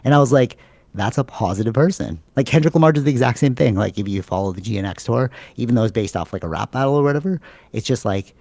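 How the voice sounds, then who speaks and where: A man's voice: medium pitch, lively intonation, rapid-fire, creaky, darkish tone, no room sound. A man co-hosting a podcast, chatting casually and rambling, leaning on "like" and "bro". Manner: rambling, filler-heavy, says "like" and "bro" a lot. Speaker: podcast co-host.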